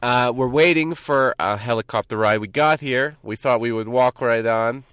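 A man's voice: medium pitch, moderate pace, fairly bright tone, clear, resonant tone, dry recording. A young man from New Jersey hosting a casual podcast outdoors, telling stories loosely with jokes and fillers. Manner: joking, loose storytelling with fillers. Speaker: podcast host. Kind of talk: casual chat. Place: outdoors by a canyon overlook.

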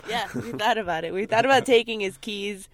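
A young woman from New Jersey in her twenties, co-hosting a casual podcast outdoors and telling a story with animated, loud bursts. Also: medium pitch, brisk. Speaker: co-host. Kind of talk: casual chat. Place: outdoors by a canyon overlook.

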